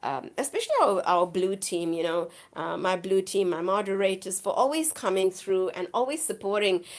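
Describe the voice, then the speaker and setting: A woman's voice: mid-range voice, moderate pace. A woman hosts a live stream and chats casually with her viewers. She rambles on effusively and circles back to repeat herself, and her voice sounds worn from the flu.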